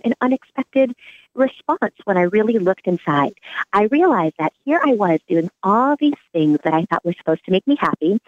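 A woman's voice: mid-range voice, no echo. A middle-aged woman, a psychiatrist and author, giving earnest, reflective interview answers. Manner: earnest, animated, acts out remembered dialogue. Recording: dry, phone-like narrow sound.

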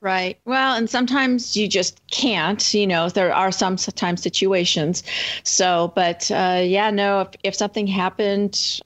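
A woman's voice: mid-range voice, steady tone, a little slow. A woman guest, a children's book author, chatting in an upbeat, rambling way in an interview. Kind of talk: casual interview chat. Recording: dull lo-fi remote line.

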